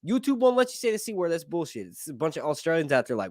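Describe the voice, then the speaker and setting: A man's voice: on the high side, big pitch swings, racing, hardly any pauses, darkish tone, no echo, studio quality. A young man hosting a casual livestream, rambling and joking crudely. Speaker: YouTube show host.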